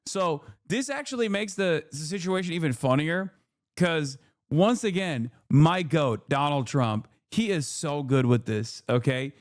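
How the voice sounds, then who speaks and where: A man's voice: fairly high pitch, lively intonation, unhurried. A man streaming live commentary on the news, sarcastic and profane, with frequent fillers and rhetorical questions. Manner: mocking and rhetorical.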